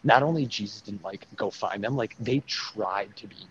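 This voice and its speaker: A man's voice: fairly low pitch, normal speed. A young man in casual faith conversation, talking animatedly with many fillers and laughs, outdoors near traffic. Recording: dull lo-fi sound with faint traffic noise.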